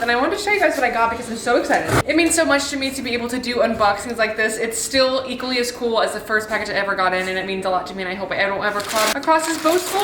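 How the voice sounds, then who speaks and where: A woman's voice: fairly high pitch, background noise. Bubbly young woman in echoey rooms. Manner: bubbly and chatty, lots of "like". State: out of breath at times. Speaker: fitness vlogger. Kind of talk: casual vlog talk to camera. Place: rooms of a house.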